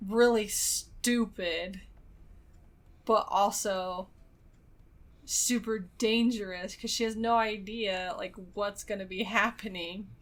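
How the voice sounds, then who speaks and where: A woman's voice: mid-range voice, fairly even intonation, slow pace. A woman co-hosting a podcast, casually retelling a film's plot with lots of fillers and little laughs. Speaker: podcast co-host. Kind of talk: casual movie recap chat.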